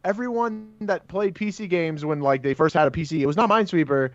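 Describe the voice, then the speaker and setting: A man's voice: fairly high pitch, fairly quick, dull audio. A man co-hosting a gaming podcast, tossing out playful, opinionated hot takes. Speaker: podcast co-host. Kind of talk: casual podcast chat.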